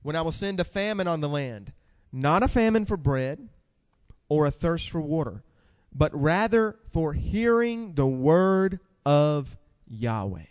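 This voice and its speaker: A man preaching a sermon with animated delivery, asking the congregation questions and reading scripture aloud. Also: on the high side, measured pace, clean tone, big-room sound.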